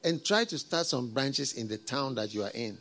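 A middle-aged pastor delivers a sermon in a gravelly voice with a lot of vocal fry. His pitch sits in an ordinary middle range for a man. He preaches conversationally, repeats his points and leans on folksy proverbs, with soft chuckles. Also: lively intonation, moderate pace.

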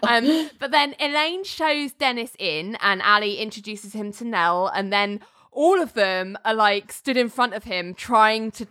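A woman's voice: fairly high pitch, a little slow, bright, forceful tone, smooth, no echo, clean studio sound. A woman casually recapping a TV episode, chatty and laughing often. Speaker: podcast co-host recapping a TV episode. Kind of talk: casual chat.

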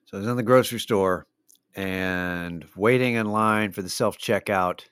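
On his own podcast, this man talks alone in a casual monologue, spinning wry, profane, meandering stories thick with fillers. His voice is on the low side, moderately paced, a bit bright and clean, captured in a dry, clean studio recording.

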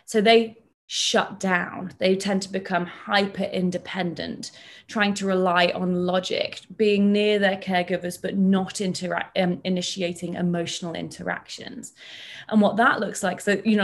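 A woman clinical psychologist explaining ideas in a relaxed interview, measured and thoughtful, using everyday examples. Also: medium pitch.

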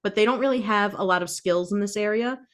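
A woman's voice: mid-range voice, fast talker. Playful woman spinning an improvised tale. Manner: playful, deadpan narration with mock quoted voices. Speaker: podcast co-host. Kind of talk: improvised storytelling game.

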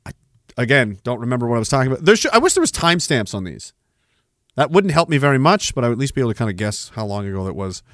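A man's voice: mid-range voice, sing-song, racing, fairly bright tone, dry recording, studio quality. A tired man hosting a podcast, rambling sarcastically in casual chat as he reads out viewer comments. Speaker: podcast host.

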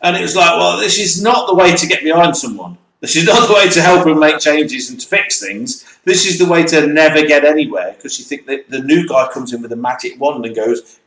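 A man's voice: fairly high pitch, a little fast, a bit bright. A man co-hosting a casual motoring talk show, ranting and mocking mispronunciations in playful chat. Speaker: co-host. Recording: echoey room.

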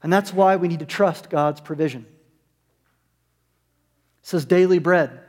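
High-voiced pastor preaching in a reverberant hall. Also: male voice, measured pace, darkish tone. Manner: conversational, humorous asides. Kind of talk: sermon. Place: church sanctuary.

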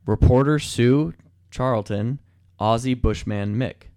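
A young man playing a movie trivia board game, chatting casually with friends in an animated, teasing way. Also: mid-range voice, slow pace. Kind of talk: casual chat among friends.

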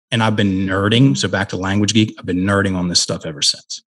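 Interview guest, middle-aged man, husky and a bit low, earnest and halting. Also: fairly bright tone. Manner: earnest, with frequent restarts and emphatic pauses. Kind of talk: conversational interview storytelling.

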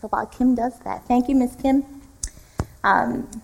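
A woman pastor leading a leadership teaching at church, her voice sitting a little higher than most. She talks in a loose, conversational way and mixes humor into the lesson. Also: fairly even intonation, a little slow, creaky, slight background noise, low-quality recording. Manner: warm, joking, conversational teaching. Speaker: executive pastor.

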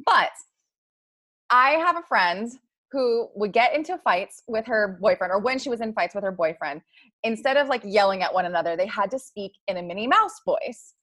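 A woman's voice: medium pitch, lively intonation, normal speed, a bit bright. Chatty woman co-hosting with her partner. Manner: chatty, laughs easily, lots of "like". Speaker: podcast co-host. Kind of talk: casual chat with partner.

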